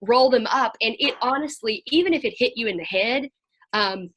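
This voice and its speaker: A woman counselor talking to a group over a video call, telling lively stories and acting out what children said. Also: a little high, moderate pace, slight background noise. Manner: animated storyteller, acts out children's voices.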